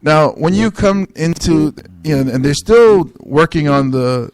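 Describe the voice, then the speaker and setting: A man hosting a comedy podcast, rambling and joking through quick asides and self-mockery. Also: fairly high pitch, lively intonation, a little mellow, no echo. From Samoan. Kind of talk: casual comedic banter. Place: indoor club room.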